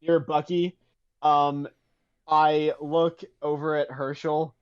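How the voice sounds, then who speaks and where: Brief: a somewhat higher-pitched American man comes through a dull, lo-fi mic. He is a tabletop player who stammers and giggles as he describes what his character does. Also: level tone, slow pace, clear, resonant tone, no echo. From United States. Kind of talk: playing a tabletop game.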